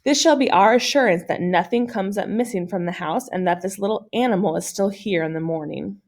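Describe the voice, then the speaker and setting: A woman's voice: mid-range voice, a little fast, a little mellow, lightly acted. Woman reading as a pompous, scolding foster mother. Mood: mocking. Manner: formal, haughty and scolding. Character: stern, pompous middle-aged foster mother.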